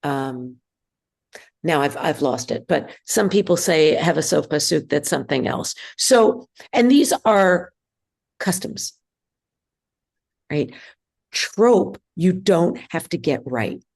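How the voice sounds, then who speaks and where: A woman teaching a synagogue class, speaking hesitantly with many ums and pauses. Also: low-pitched, animated, vocal fry, darkish tone. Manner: hesitant, many ums, sings trope examples. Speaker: bar mitzvah trope teacher. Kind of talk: classroom lesson.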